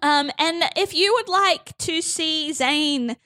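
A woman's voice: slow pace, pushed and bright, dry recording, clean studio sound. A woman hosting a podcast, reading out her show's contact details in a chatty, upbeat way. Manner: chatty, upbeat, swoops up in pitch. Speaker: podcast host. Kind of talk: casual podcast chat.

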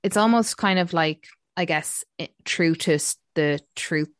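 Low-voiced woman chatting about a film. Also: a little slow, no echo, studio quality. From Ireland. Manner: chatty, rambling with many fillers. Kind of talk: casual film review chat.

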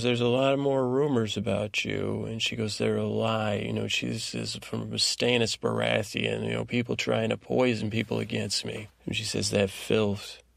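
A man hosting a sleep podcast, recapping a TV episode in a meandering, low-key way full of fillers. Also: gravelly, no room sound, studio quality. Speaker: podcast host. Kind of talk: rambling bedtime recap.

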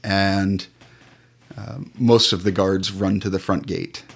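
Low-voiced man running a tabletop game. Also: vocal fry, breathy edge. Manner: relaxed, halting narration with many fillers. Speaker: game master.

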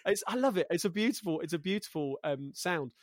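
A man's voice: high-pitched, lively intonation, brisk, no echo. Chatty man from Coventry, dry sound. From Coventry, England. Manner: thoughtful, searching for words, self-deprecating humor. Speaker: guest. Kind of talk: casual conversational interview.

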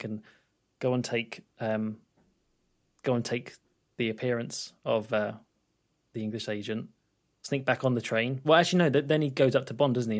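A man co-hosting a podcast, talking about a film in a laid-back, hesitant way with frequent restarts and laughs. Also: mid-range voice. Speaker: podcast co-host. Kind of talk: casual film review chat.

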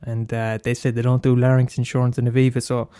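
A man's voice: mid-range voice, monotone, fast talker, mellow, smooth, no room sound, studio quality. Sweary Irish man ranting on a podcast. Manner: sweary, blunt, self-mocking, repeats lines for effect. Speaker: podcast host. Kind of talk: solo comedic podcast rant.

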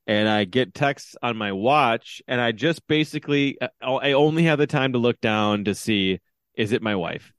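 A man's voice: mid-range voice, clear, resonant tone, dry recording. Laid-back man with a dry, close sound. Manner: easygoing, quick deadpan agreements and asides. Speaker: podcast co-host. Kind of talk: casual comedic podcast chat.

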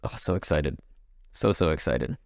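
A man's voice: rumbling low, animated, moderate pace, creaky, darkish tone, no echo, clean studio sound. A man co-hosting a podcast, chatting casually, upbeat and often laughing. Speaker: podcast co-host. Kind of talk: casual chat.

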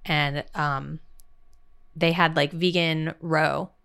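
A woman co-hosting a relaxed podcast, telling food stories with plenty of enthusiasm. Her voice sits on the lower side for a woman. She talks in an easygoing, chatty way. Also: slow pace, gravelly, clear, resonant tone. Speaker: podcast co-host. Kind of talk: casual chat.

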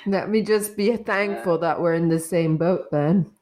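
Lady cohost with a lowish voice, teasing banter with her sister. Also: measured pace, a little mellow. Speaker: podcast co-host. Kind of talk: casual chat.

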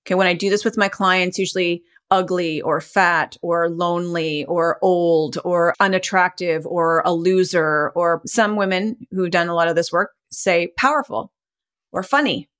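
A woman's voice: lowish voice, moderate pace, fairly bright tone, clear, resonant tone. Encouraging woman guiding a self-help exercise. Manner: encouraging, conversational, laughs often. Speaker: podcast host and coach.

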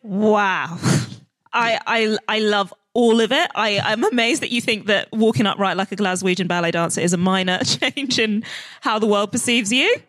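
A woman co-hosting a comedy podcast, teasing her co-host with quick-witted banter. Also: medium pitch, a bit bright, no echo. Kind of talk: casual comedic chat. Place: live recording on stage in a London venue.

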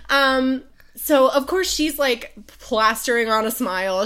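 A woman's voice: a little high, normal speed. A woman in her late twenties co-hosting a podcast, casually retelling a novel's plot and acting out the characters' lines. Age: late 20s. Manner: animated storyteller, acts out characters' lines. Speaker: podcast co-host. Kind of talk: casual book chat, summarizing a plot.

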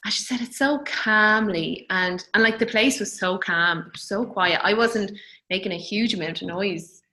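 Woman, thirties, bright forceful voice, tender, halting, lots of fillers. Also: medium pitch, rough recording. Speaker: guest. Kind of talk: personal birth story in conversation.

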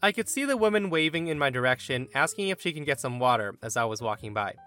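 A man with a bright, forceful voice reads a story aloud, his pitch swooping up and down as he acts out the quoted lines. Soft music plays underneath him. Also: sing-song, quick pace, smooth. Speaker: story narrator. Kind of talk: reading a reddit story aloud.

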